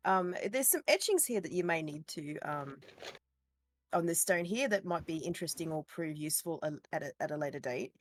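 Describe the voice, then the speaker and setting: A woman's voice: low voice, expressive, fairly quick, slight background noise. A woman playing a tabletop game, speaking hesitantly and politely with many ums. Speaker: player. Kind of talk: casual game chat.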